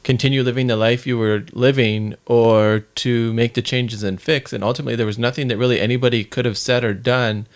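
A man's voice: mid-range voice, steady tone, a little fast, few pauses. A man in casual conversation, speaking in a supportive, reflective way with hesitant restarts.

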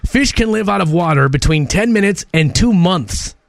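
A man co-hosting a morning radio show with a high voice that swings widely in pitch. He is excitable and jokey, laughs a lot, and often cuts into the banter. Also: moderate pace, vocal fry, dry recording, clean studio sound.

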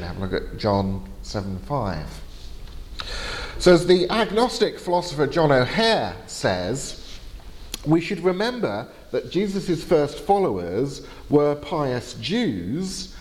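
A man's voice: mid-range voice, a little mellow. Man lecturing in an echoey hall. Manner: explanatory, frequent hesitations. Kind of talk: university lecture. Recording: long hall reverb.

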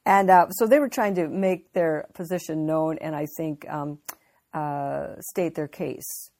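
A woman preaches in a conversational, earnest way, working through scripture off the cuff. Her voice sits on the lower side for a woman. She stops and restarts as she thinks aloud. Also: steady tone, a little slow, darkish tone. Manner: unscripted, with frequent fillers and restarts, earnest. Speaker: Bible teacher. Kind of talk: conversational sermon.

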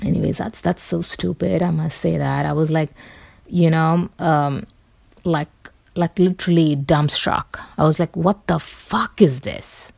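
Woman vlogger, low gravelly voice, dry close sound, rambling casual chat with fillers. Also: fairly even intonation, measured pace, a little mellow, no room sound. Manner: loose and chatty, many fillers, occasional swearing.

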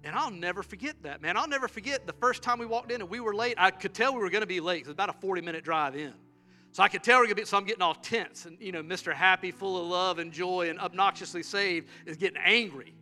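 A middle-aged man preaches with a high, very bright and forceful voice. He tells stories with humor and acts out the quotes, and soft music plays behind him. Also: fast. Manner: animated, humorous storytelling with acted-out quotes. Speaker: pastor. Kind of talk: sermon.

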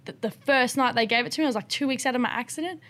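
A woman's voice: a little high, very fast, a bit bright. A young woman talking frankly as a podcast guest, chatty and loose with fillers and the odd swear word. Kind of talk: casual chat.

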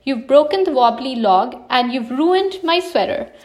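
A woman's voice: sits high, expressive, unhurried, darkish tone. A woman voicing a boyish big-brother bear in a read-aloud storybook, speaking emphatically. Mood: upset. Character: young big-brother bear, boyish, quick-tempered but kind.

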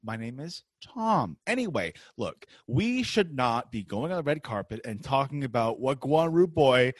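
A man's voice: mid-range voice, sing-song, moderate pace, no echo. A man putting on the voice of an exasperated famous father lecturing his grown son with mock patience. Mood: scolding.

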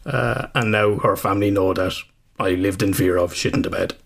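A man's voice: sits low, fairly even intonation, moderate pace, gravelly, fairly bright tone. Rambling, swearing Irish man. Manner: rambling, swears freely, laughs at himself. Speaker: podcast co-host. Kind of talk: casual podcast chat.

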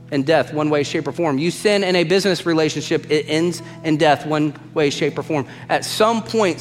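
A man preaching a sermon as pastor, animated and emphatic, repeating lines for stress and acting out the voices in his quotes. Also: high voice, in a large hall.

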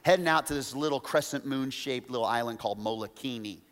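A man preaching, telling a self-mocking story with animated, acted-out quotes. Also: medium pitch, fast, slight background noise. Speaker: pastor. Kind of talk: storytelling sermon. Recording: long reverb of a large hall.

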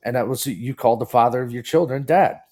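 A man's voice: mid-range voice, fast talker, warm tone. A man co-hosting a podcast, telling anecdotes in casual chat, swearing and acting out the dialogue. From not the Southern US. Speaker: podcast co-host. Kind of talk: casual storytelling.

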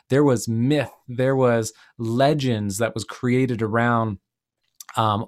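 A male podcast host talking in a relaxed, reflective way, with a medium-pitched voice. He winds through anecdotes and big-picture thoughts, sprinkling in "like" and "you know". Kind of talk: casual conversational interview.

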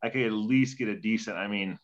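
In dull lo-fi audio, a former hockey player appears as a guest in casual conversation, his voice lowish and fairly quick. He tells rowdy stories with lots of swearing, animatedly acting out the quotes.

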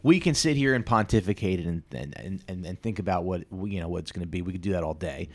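Male podcast host, 30s, lowish voice; crude, self-deprecating solo monologue full of stops and restarts. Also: expressive, fast talker, a little mellow.

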